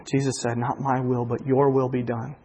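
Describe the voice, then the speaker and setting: Impassioned preacher, husky voice in a hall. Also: male voice, medium pitch, flat delivery, normal speed. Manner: builds from quiet reflection to impassioned, near-shouted preaching. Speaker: pastor. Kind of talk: sermon. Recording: long hall reverb.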